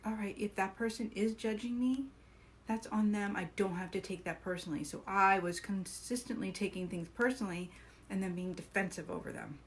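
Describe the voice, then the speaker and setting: A woman hosting a live coaching stream, talking earnestly and encouragingly, asking her viewers questions. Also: mid-range voice.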